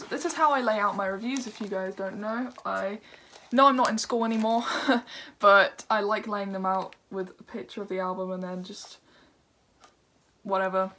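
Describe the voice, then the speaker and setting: A young woman talks straight to her camera about an album she loves. Her voice is at an ordinary middle pitch, and she chats in an upbeat, friendly way, full of ums and small laughs. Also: sharp tone. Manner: chatty and upbeat, with frequent fillers and laughs. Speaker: music reviewer. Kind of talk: casual video review.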